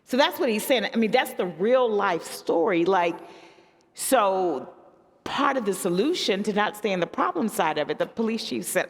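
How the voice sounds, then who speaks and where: A woman pastor speaking on a discussion panel, telling stories with emphatic swings in her voice. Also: moderate pace. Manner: animated storyteller with emphatic pitch swings. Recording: echoey church hall.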